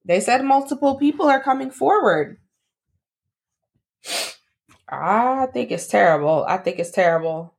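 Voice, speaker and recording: A woman's voice: fairly high pitch, lively intonation, normal speed, gravelly. Blunt joking woman co-host. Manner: blunt and joking, repeats her lines for emphasis. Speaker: podcast co-host. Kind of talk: casual chat.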